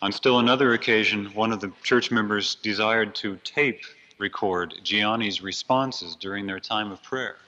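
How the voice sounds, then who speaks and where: Low forceful male preacher, lo-fi. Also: moderate pace, hardly any pauses. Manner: earnest, dramatic, swells on key phrases. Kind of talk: storytelling sermon. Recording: dull lo-fi recording.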